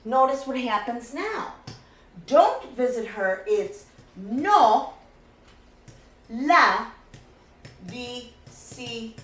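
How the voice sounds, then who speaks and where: Woman teacher, high voice, slow careful delivery, step-by-step grammar explanation, roomy echo. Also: sing-song. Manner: patient, repeats key points, walks through steps. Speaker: Spanish teacher. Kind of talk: classroom grammar lesson.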